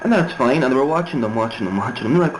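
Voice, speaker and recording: A man's voice: mid-range voice, animated, racing, noisy background. A young Irishman telling a story casually, rambling and digressive with many fillers and restarts. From Ireland. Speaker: vlogger.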